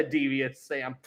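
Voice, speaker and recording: This livestream host is a young man whose voice sits at a medium pitch, with slight background noise behind him. He chats casually, laughing often and wandering off topic as he reads Super Chat messages aloud.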